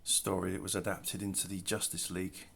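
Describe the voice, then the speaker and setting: Man, middle-aged, deep voice, gravelly, relaxed rambling show-and-tell. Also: fairly quick, a little hiss or hum. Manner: relaxed, rambling, self-deprecating asides. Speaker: artist showing his work. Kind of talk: casual show-and-tell narration. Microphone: camera mic, handling artwork.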